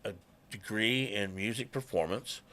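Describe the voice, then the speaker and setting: A man, a musician guest telling stories in casual talk, animated and swearing freely. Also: fairly low pitch, normal speed. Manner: animated, swears freely, acts out quoted people. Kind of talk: casual conversational storytelling.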